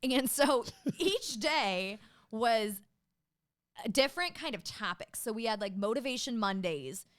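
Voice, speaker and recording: A young woman chats as a podcast guest, and her voice sits a little high. She is bubbly and laughs often. She rambles off into side stories before she comes back to her point. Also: expressive, unhurried. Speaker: podcast guest, business owner and author. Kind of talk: casual chat.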